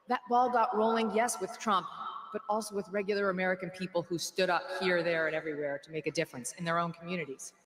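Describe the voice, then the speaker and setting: A woman's voice: medium pitch, fairly bright tone. A woman giving a sarcastic, mocking political rally speech in a large hall. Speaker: rally speaker. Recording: echoey hall, faint background noise.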